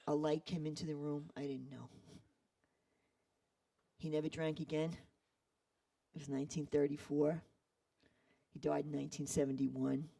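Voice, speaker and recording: Man, storytelling talk, gravelly, mellow, from far off the mic. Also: fairly high pitch, moderate pace, long pauses. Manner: animated retelling with quoted voices.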